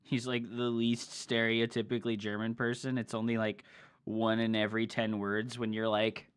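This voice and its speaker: A man streaming and co-casting a match in loose, casual commentary, swearing freely and getting excitable. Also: fairly low pitch, moderate pace, clear, resonant tone.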